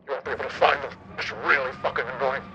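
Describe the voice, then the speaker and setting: A man voicing a sinister male Jigsaw-style captor who lays out deadly rules in a slow, hushed, menacing monologue. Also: mid-range voice, little pitch movement, highs cut off, noisy background, voice pushed down, lightly acted. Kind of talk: mock horror-movie monologue.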